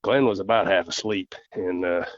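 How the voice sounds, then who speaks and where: A man, a podcast guest telling hunting stories in an unhurried, folksy way. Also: low-pitched, highs cut off. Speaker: guest, coonhound handler. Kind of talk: storytelling in casual interview.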